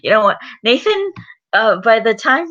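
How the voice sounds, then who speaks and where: A woman's voice: a little high, very animated, moderate pace, a bit bright, dull audio. A young woman YouTuber chatting casually between read-aloud lines, laughing often and saying "like" a lot. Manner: chatty, laughs often, many filler likes. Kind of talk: casual read-along chat.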